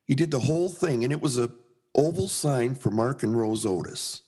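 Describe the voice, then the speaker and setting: A man's voice: mid-range voice, normal speed, slightly rough. A middle-aged man from Minnesota, a sign painter telling a story in casual conversation and acting out the voices in it. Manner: animated, acts out voices in his anecdotes.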